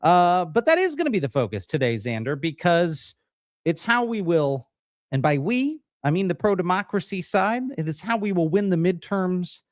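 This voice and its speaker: A man hosting a live political stream, talking in an energetic, jokey way as he hypes up the guests. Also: sits high, normal speed, dry recording, studio quality. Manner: energetic, jokey, hype-building introductions. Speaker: livestream host. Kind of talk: upbeat live-stream show opening.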